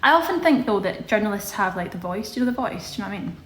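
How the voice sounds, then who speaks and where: A woman's voice: mid-range voice, lively intonation, rapid-fire, fairly bright tone, slight background noise. A young woman chatting casually on a live stream, reading out viewer questions and answering them. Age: young adult. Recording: echoey room with faint ambience.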